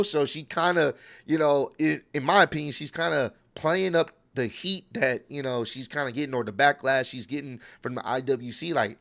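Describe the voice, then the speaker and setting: Man, host of his own recap channel, higher-pitched, loose conversational rambling, opinionated. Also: normal speed, a bit bright. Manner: rambling, frequent "you know" fillers, opinionated. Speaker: wrestling recap vlogger. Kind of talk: casual spoken show recap.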